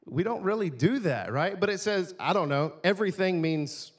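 Pastor, male, light high voice, chatty sermon delivery with frequent tag questions. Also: very animated, moderate pace, breathy edge.

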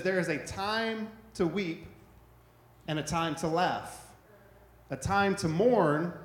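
A man's voice: on the high side, echoey room. A man preaching a sermon in a loose, conversational way, often checking in with "right?". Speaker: pastor.

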